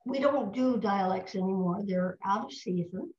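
Lady in her 90s telling showbiz stories, lively, kinda roomy audio. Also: medium pitch, normal speed. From United States. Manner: lively, anecdotal, fond of putting on voices. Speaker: guest, voice actress. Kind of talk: casual storytelling interview. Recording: roomy, slightly dull recording.

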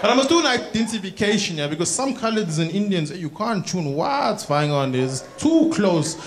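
Lively South African comedian on stage. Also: male voice, high voice, moderate pace. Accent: South African, Durban. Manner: animated, switching into mimicked voices. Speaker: stand-up comedian. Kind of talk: stand-up comedy set. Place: large theatre stage. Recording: live theatre with audible crowd noise. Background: audience laughter.

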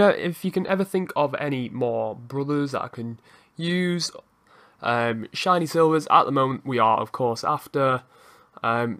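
A young man hosting his gaming channel, giving live play-by-play commentary that turns excitable, with shouting at the game and swearing. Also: mid-range voice.

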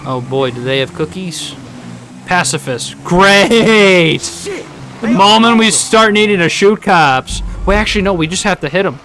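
A man live streaming a video game, chatting casually, rambling and joking with sudden loud outbursts. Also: sits high, lively intonation, unhurried, music in the background.

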